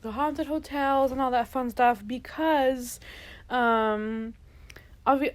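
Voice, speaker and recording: Young woman host, slightly high voice, loose rambling vlog talk full of ums. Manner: rambling, filler-heavy, earnest. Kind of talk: casual vlog chat.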